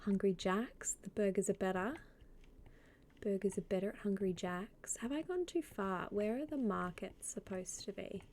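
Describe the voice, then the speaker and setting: Mellow-voiced woman streamer chatting casually. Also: medium pitch, moderate pace, slight background noise. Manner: chatty, greets chat by name, often drops to a soft half-whisper. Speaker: live streamer. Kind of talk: casual live-stream chat.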